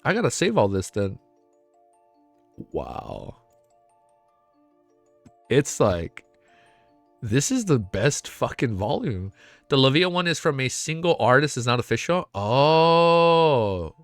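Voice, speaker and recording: A man reacting live on stream, excitable and emotional, cursing often as he talks to chat. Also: mid-range voice, slow, long pauses, no room sound, soft background music. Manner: excitable, swears a lot, emotional. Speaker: streamer reacting to web novel fan art.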